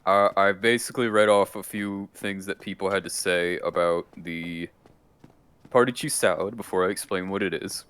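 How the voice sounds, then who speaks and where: A man's voice: low voice, steady tone, moderate pace, a bit bright, clean tone. A man co-hosting a game stream, reading chat comments and a donation aloud in a casual, laughing way.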